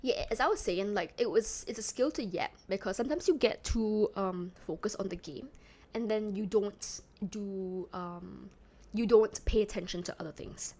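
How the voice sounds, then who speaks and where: A woman's voice: mid-range voice, moderate pace, a little mellow. A young woman from Singapore with a toned-down Singaporean accent, chatting casually on a live stream, rambling and self-mocking as she reads chat aloud. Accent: Singaporean English, toned down.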